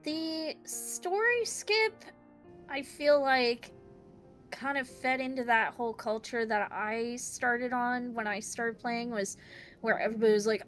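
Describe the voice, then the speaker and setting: A woman's voice: a little high, a little slow, a bit bright, faint music behind. A woman guest in a casual chat about a video game, giggly and hesitant, with many fillers.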